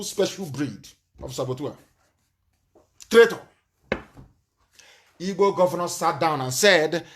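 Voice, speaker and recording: A man with a Nigerian accent giving an impassioned live broadcast speech, angry and accusing, with sudden loud outbursts. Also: fairly high pitch.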